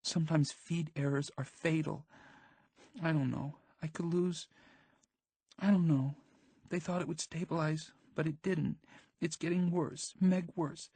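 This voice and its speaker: A frightened, quick-tempered teenage girl, put on by a man reading an audiobook, pitched well above his own voice and a little breathy. She talks fast and pleading, with a dry, close sound. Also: steady tone, darkish tone, dry recording. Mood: anxious. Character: anxious, sharp-tongued teenage girl. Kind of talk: audiobook character voice.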